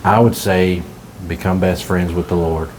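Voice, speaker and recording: Deep-voiced man hosting a faith talk. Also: fairly even intonation, a little slow, darkish tone, a little hiss or hum. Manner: earnest, encouraging, laughs easily. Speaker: ministry podcast host. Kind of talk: casual faith conversation.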